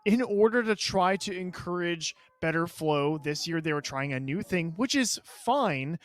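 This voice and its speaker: A man co-hosting a podcast in a relaxed, wry way. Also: a little high, a little slow, soft background music. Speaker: podcast co-host. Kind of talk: casual chat.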